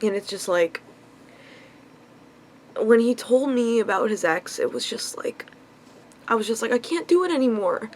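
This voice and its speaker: A woman's voice: mid-range voice, slight background noise. A young woman venting about her love life in a confessional vlog, frustrated and upset, sighing often. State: upset, on the verge of tears. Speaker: vlogger.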